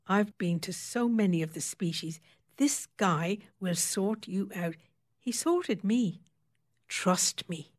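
A woman reading aloud, voicing a blunt, well-connected female client who gives confiding advice in a hushed voice. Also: medium pitch, expressive, takes it slowly.

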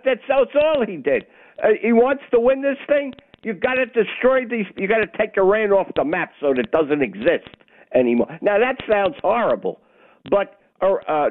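A man calling in to a radio show, blunt and insistent, cutting across the host. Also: high voice. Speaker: caller. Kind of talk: call-in radio caller. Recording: tinny phone line with faint noise.

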